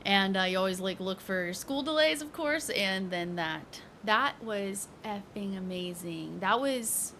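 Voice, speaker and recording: Bright, excited woman streamer. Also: medium pitch, a little slow, few pauses, slight background noise. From Ohio, USA. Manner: excitable, gushing, chatting to viewers. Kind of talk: live gameplay reaction.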